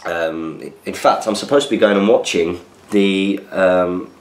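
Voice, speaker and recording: Male podcast host, chatty and easygoing, deeper voice, answers listener mail, echoey room sound. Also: a little slow. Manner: chatty, reads listener messages aloud with asides. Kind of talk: casual chat. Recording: roomy echo.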